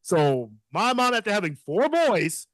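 High, animated, foul-mouthed male podcaster. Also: unhurried, dry recording. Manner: profane, animated storyteller who laughs often. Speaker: podcast co-host. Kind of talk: casual podcast chat and storytelling.

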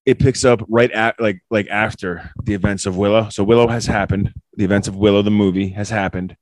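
A man's voice: on the low side, steady tone, brisk, dry recording, studio quality. A man co-hosting a podcast, telling rambling, profane stories in casual chat.

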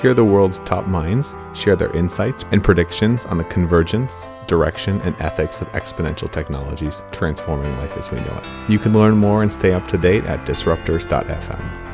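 A man hosting a podcast, reading its scripted intro in a smooth, announcer-like delivery. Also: deep voice, normal speed. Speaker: podcast host. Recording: clear guitar music underneath.

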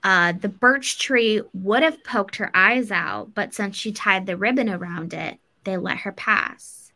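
A woman retelling a folk tale on a podcast in loose, casual chat. She rambles, fills with "like" and "um," and swears freely. Her tone is bright and sharp. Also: mid-range voice, unhurried. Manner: rambling, loose, swears, lots of likes and ums. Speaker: podcast co-host.

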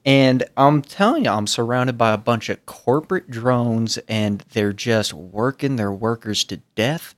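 A man's voice: mid-range voice, expressive, measured pace, a bit bright. A man voicing a sweaty, portly, nervous defector with a folksy Southern-style drawl, rambling and pleading. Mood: jittery.

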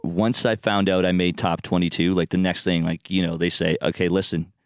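A man's voice: deep voice, steady tone, fairly quick, no room sound, clean studio sound. A laid-back male host from Canada, chatting casually and saying "dude" and "you know" often. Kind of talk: casual conversational interview. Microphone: handheld mic, passed around.

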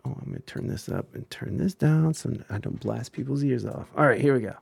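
Male host, mid-pitched and gravelly, loose chatty delivery, thanks the chat between questions. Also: brisk, a little mellow. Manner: rambling, restarts often, thanks viewers. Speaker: podcast host. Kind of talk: casual live-stream interview.

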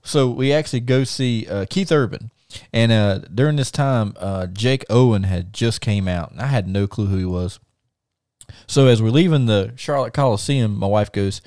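A middle-aged man hosts a casual chat, telling an animated story with lots of stammered restarts. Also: fairly low pitch, moderate pace, no echo, clean studio sound. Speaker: podcast host.

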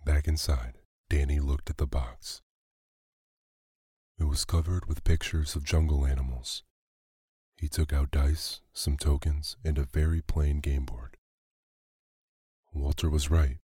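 A man reads a children's story aloud in a calm, unhurried bedtime manner. His voice is extremely low and dark with a husky, breathy grain, and the recording is dry and close. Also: no echo. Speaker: narrator.

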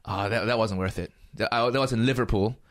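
A man's voice: lowish voice, fast talker. A young man from Malaysia, a comedian guest on a podcast, chatting casually and laughing often. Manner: joking, laughs often, tries accents.

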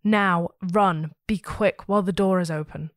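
Woman playing an insistent ghostly voice, loud urgent chanting. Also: fairly low pitch, fairly even intonation, unhurried, dry recording, studio quality.

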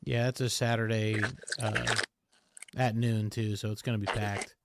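A male podcast co-host in a casual sports chat, relaxed and rambling with fillers. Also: lowish voice, measured pace, gravelly. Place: home setup on a call. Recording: noisy call audio.

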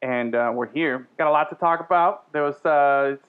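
A man hosting a casual sports chat show, talking in loose, halting bursts with many fillers. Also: on the high side, clear, resonant tone. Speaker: podcast host. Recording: tinny phone-like sound.

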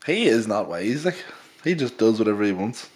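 Northern irish lad, lowish voice, easygoing podcast chat, rambles and pokes fun at himself. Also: male voice, big pitch swings, normal speed, darkish tone. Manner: laid-back, rambling, self-mocking. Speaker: podcast co-host. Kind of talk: casual chat.

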